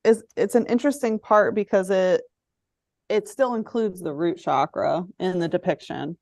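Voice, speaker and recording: A woman's voice: on the low side, moderate pace, darkish tone, dry recording, clean studio sound. A woman co-hosting a podcast in casual chat, thoughtful and reflective as she explains ideas. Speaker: podcast co-host.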